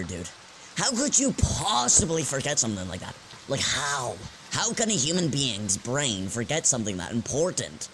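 A guy voicing a cursing, dramatic young scientist, mid-pitched, blows up over little things. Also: slight background noise. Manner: swears a lot, flips between rage and sulking. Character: hot-tempered young male scientist, sweary and dramatic. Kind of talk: amateur animated comedy voice acting.

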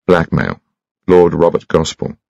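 A man's voice: deep voice, unhurried, creaky, darkish tone, dry recording, full character voice. A man reading an audiobook, voicing a dry, laconic detective teasing his mother. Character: dry, teasing detective son, middle-aged. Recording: dry, slightly dull lo-fi.

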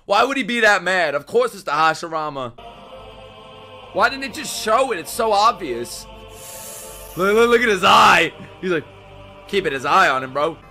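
A man streaming excited reactions to an anime, loud and exclamatory, swearing and breaking into laughter. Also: a little high. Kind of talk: excited live reaction commentary.

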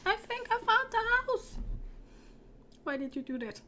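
A woman's voice: very high voice, very animated, a little slow, long pauses, sharp tone. A woman playing a horror game and commenting, nervous and jumpy, laughing and squealing repeated panicked no's over the game music. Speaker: let's play gamer.

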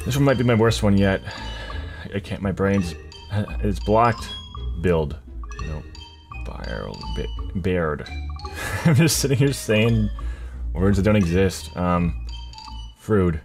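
A man's voice: sits low, very animated, slow, long pauses, darkish tone. A man thinking aloud as he plays a word puzzle, muttering half-words and guesses and laughing often at himself. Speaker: gaming YouTuber. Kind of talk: thinking aloud while playing a word game. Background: music.

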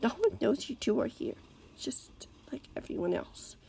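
A woman reading aloud, voicing a cold, scheming male villain who speaks calmly and menacingly. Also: on the high side, measured pace, vocal fry, husky, pitched above the performer's own voice, full character voice. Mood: cold taunting. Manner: calm, menacing, sometimes whispered.

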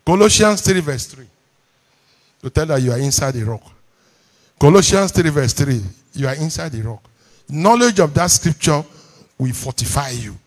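A man's voice: on the high side, expressive, normal speed, long pauses. A man with a Nigerian English accent, preaching a sermon from a church pulpit, calling on the congregation to repeat lines back to him. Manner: call-and-response preaching, repeats lines for emphasis. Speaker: pastor. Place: church hall.

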